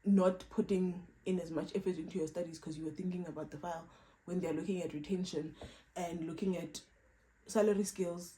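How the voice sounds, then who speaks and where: A woman's voice: on the low side, fast, warm tone, low-quality recording. Emphatic woman giving advice. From South Africa. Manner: emphatic, repeats points, playful asides. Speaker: vlogger. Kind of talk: casual advice vlog.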